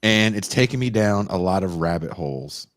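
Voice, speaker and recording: A male podcast host telling a long story in a loose, profane, animated way. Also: low-pitched, moderate pace, dry recording, studio quality. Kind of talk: casual storytelling chat.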